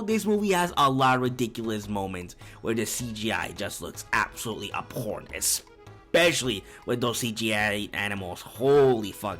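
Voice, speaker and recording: A man's voice: mid-range voice, a bit bright. A young man giving a casual, profane film review, laughing often as he rants.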